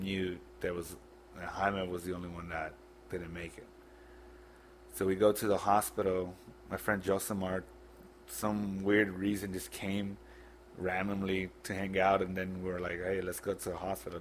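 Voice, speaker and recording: Man, podcast guest, low voice, swears freely, faint hum behind. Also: fairly bright tone. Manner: blunt, profane, halting retelling. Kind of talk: casual storytelling.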